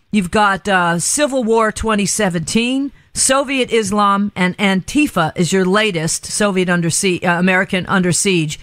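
A woman hosting a talk radio show, chatty and quick to laugh. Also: medium pitch, fairly bright tone, dry recording. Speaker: radio host. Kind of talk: casual talk radio chat.

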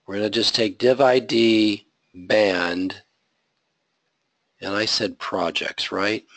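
Slow, gravelly male coding teacher. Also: fairly low pitch, fairly even intonation, fairly bright tone, no room sound. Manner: talks through code step by step, checking in with "okay?". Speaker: web design instructor. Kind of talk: live coding lecture. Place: classroom.

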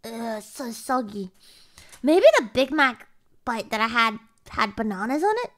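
A young woman streamer commenting on a food challenge to her viewers, dramatic and profane, swinging between low groans and shrieks. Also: unhurried, a bit bright. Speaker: VTuber streamer.

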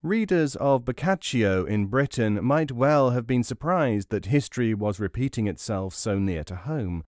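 Male folk-tale reader: steady, measured narration, dead dry studio sound. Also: medium pitch, dry recording. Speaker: storyteller. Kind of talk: audiobook storytelling.

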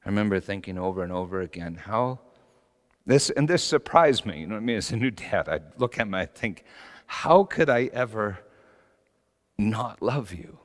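A middle-aged man preaching a sermon, telling stories passionately and rising to shouts. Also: fairly low pitch, lively intonation, a little fast. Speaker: pastor. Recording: long hall reverb.

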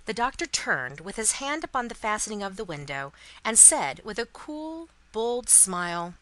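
A woman narrating a classic novel in an expressive, dramatic storybook reading for English learners. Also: mid-range voice, normal speed, hardly any pauses, poor audio.

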